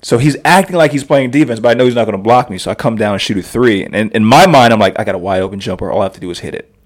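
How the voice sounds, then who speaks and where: A man in his thirties, a podcast guest telling stories in an animated way and laughing often. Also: lowish voice, very fast. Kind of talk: casual storytelling.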